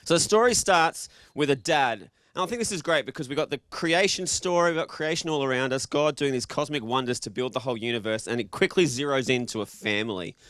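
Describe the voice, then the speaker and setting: A man's voice: medium pitch, brisk, few pauses, a bit bright, no room sound. An Australian man giving a casual, joking sermon to a live congregation, quizzing the audience as he goes. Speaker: preacher.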